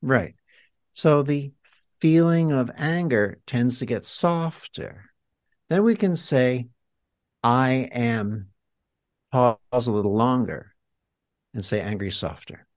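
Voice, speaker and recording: A man's voice: medium pitch, takes it slowly, pauses often, no room sound. A man, a healer and guest, talking reflectively and guiding the listener through an exercise in a teacherly way. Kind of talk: reflective interview talk.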